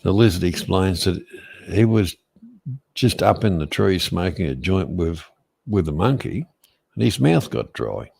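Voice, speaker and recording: Deep, gravelly man telling a joke. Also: lively intonation, darkish tone. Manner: slow, meandering storyteller who loses his thread. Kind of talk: casual chat, telling a long joke.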